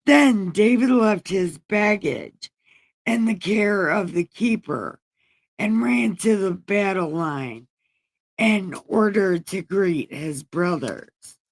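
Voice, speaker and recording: A woman's voice: mid-range voice, expressive, slow. A woman hosting a livestream, reading scripture in an irreverent, casual way, paraphrasing in profane slang and talking to her viewers.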